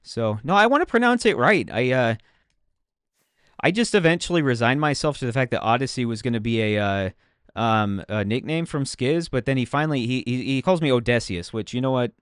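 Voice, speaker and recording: Male streamer, self-mocking running commentary, smooth voice, dry close sound. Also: medium pitch, fairly quick, no room sound. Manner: chatty, self-mocking, talks to himself while playing. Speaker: game streamer. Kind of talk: casual gameplay commentary.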